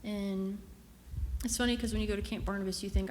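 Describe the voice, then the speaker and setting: A young woman sharing an emotional personal testimony as a camp missionary, halting and long-winded with many fillers. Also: medium pitch, steady tone, a little mellow. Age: young adult. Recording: reverberant room with faint noise.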